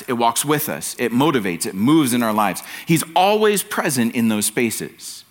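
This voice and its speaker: A man preaching a sermon at a church service in an earnest, emphatic way, driving his key phrases home by repeating them. His voice is bright and forward. His pitch rises and falls widely as he preaches. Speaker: pastor.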